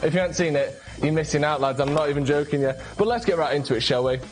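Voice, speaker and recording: A young man hosting a jokey late-night show, full of sarcastic, deadpan asides. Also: on the high side, fast, faint music behind. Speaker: host. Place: small home studio.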